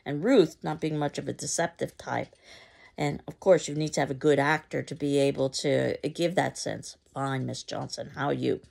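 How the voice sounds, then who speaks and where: A woman's voice: deep voice, steady tone, normal speed, vocal fry, darkish tone. A woman explaining a play to a class and reading its stage directions aloud, with frequent fillers.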